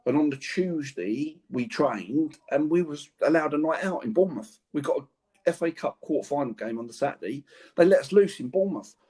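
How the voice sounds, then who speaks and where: A husky, slightly high male voice moves along fairly quickly. The speaker, once a footballer, laughs through the lively, slang-filled stories he tells in a relaxed podcast conversation.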